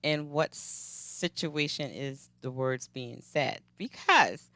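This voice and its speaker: A woman's voice: extremely low pitch, slow pace, bright, forceful tone, no room sound. A woman with a New Orleans accent, chatting casually on a panel and telling a story with frequent laughter. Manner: laughs often, tells stories animatedly. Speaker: guest panelist, podcaster.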